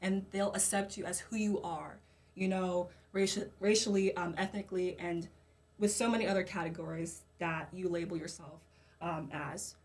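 A woman's voice: lowish voice, fairly even intonation, moderate pace. A woman co-hosting a casual discussion, talking loosely with many fillers.

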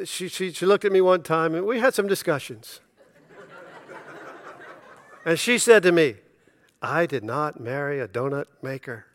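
A middle-aged male pastor telling a story from the pulpit, animated and self-deprecating, acting out each character's lines. His voice sits a little higher than most men's. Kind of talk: sermon with personal storytelling.

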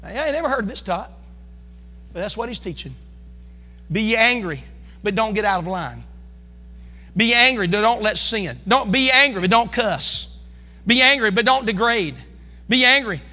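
High, bright-voiced preaching man. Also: expressive, moderate pace, pauses often. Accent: American Midwest. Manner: folksy, swings between loud shouting and low asides. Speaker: pastor. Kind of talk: sermon. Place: church sanctuary. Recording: long church reverb.

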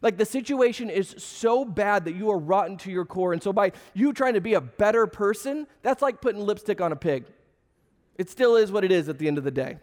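Man, young adult, pastor, high voice, losing his voice, casual joking sermon, long hall reverb. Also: expressive, brisk, a little mellow. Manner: casual, joking, conversational preaching. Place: church service.

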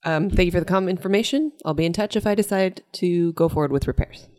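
A woman's voice: lowish voice, quick pace, mellow. A woman playing a tabletop game, curious and asking plenty of questions. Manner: curious, asks lots of questions. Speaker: player. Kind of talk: casual tabletop play.

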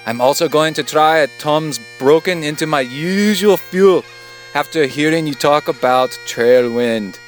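A man doing a loud, exaggerated put-on Scottish accent, playing a cheerful male Scottish triathlete in a comic reading of a listener's email. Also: on the high side, measured pace, soft background music, pitched above the performer's own voice, close to an everyday voice. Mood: hammy cheerful.

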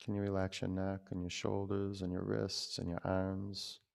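Man, yoga teacher, low-pitched, gravelly, gentle conversational guidance. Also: monotone, normal speed. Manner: gentle, conversational cueing with frequent fillers. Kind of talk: guiding a yoga class.

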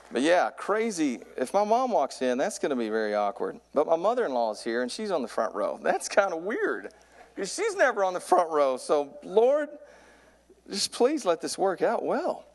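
A man in his thirties preaching a sermon from a church pulpit, telling a comic story and getting louder and higher as it builds. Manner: animated storyteller, voice climbs high in excitement. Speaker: youth pastor preaching.

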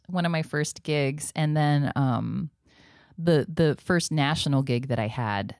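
A woman from South Texas with a notably low voice talks as an interview guest. Her stories are animated, with Spanish phrases dropped in. The recording is dry and close, with no room sound. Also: no room sound. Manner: animated storyteller who drops into Spanish phrases. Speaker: acting professor and actress, podcast guest. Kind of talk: casual conversational interview.

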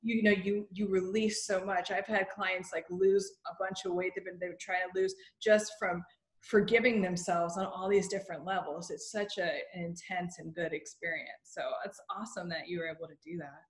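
A woman's voice: on the low side, fairly even intonation, moderate pace. A woman coach speaking in casual conversation in a supportive, explanatory way. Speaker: coach with clients.

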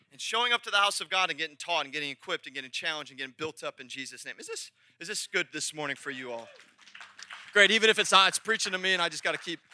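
A man preaching a sermon as pastor, animated and conversational, shouting at the high points. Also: dry recording.

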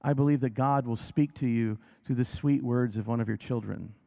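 A man preaching a sermon as pastor, gentle and reassuring, slowing down for emphasis. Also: mid-range voice, creaky.

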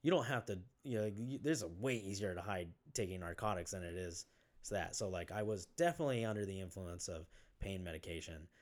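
A man, a podcast guest, telling his own story in a casual interview, halting with many fillers and restarts and casual swearing. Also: deep voice.

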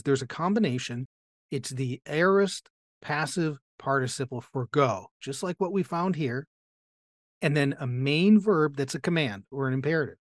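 A man with a slightly raised pitch teaches a Bible passage, explaining it step by step. He keeps turning to his listeners with rhetorical questions. The sound is close and dry, with no room echo. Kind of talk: teaching sermon.

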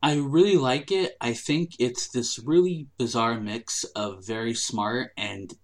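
A man's voice: medium pitch, unhurried. A man appearing as a guest on a podcast, enthusiastic and amused in casual chat.

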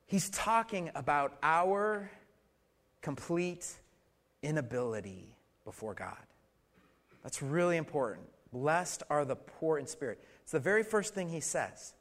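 Middle-aged male pastor preaching, loud to hushed. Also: a little high, big pitch swings, measured pace. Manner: swings between loud emphatic lines and soft hushed ones; asks the congregation questions, light humor. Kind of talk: sermon.

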